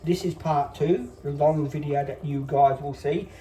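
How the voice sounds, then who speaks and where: A man's voice: a little high, fairly even intonation, unhurried, mellow, recorded from a distance, a little hiss or hum. A man in his fifties hosting a casual phone vlog, rambling on with lots of fillers in a reassuring tone. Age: 50s. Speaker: channel host.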